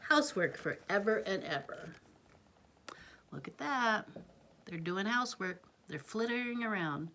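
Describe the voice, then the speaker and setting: A woman's voice: fairly high pitch, very animated, unhurried, slight background noise. Playful woman reading a storybook aloud. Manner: playful, chatty asides, drops to whispers. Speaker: parent reading a storybook to a child. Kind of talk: animated read-aloud storytelling.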